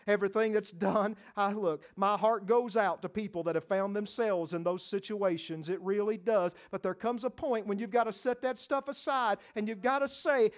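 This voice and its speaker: A man preaching a sermon, swinging from loud, emphatic lines to soft, hushed ones and repeating phrases for emphasis. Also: high voice, moderate pace, few pauses.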